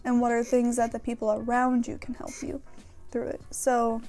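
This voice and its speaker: A woman's voice: on the high side, monotone, normal speed, mellow, soft background music. A young woman vlogging frankly and casually, with plenty of fillers and casual swearing. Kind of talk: candid talk to camera about mental health.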